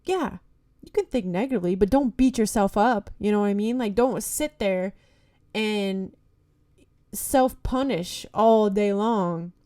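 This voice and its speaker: Young woman podcast host, mellow and dry, swears freely, talks straight to listeners. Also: mid-range voice, unhurried, dry recording. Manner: candid, heavy swearing, frequent "like" and "you know"; encouraging, addresses listeners as "guys". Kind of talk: casual solo podcast talk.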